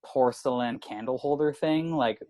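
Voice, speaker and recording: A man's voice: mid-range voice, moderate pace, slight background noise, poor audio. A man in his thirties from Canada, a comedian telling a rowdy story in casual podcast chat, swearing and saying "like" constantly. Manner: animated, swearing, lots of filler "like". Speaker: comedian guest.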